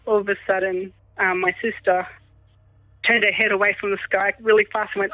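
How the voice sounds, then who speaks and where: A woman in her thirties, a podcast guest telling a personal story in an animated way, laughing often. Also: medium pitch, fairly quick, no room sound. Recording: tinny phone-like line, dry.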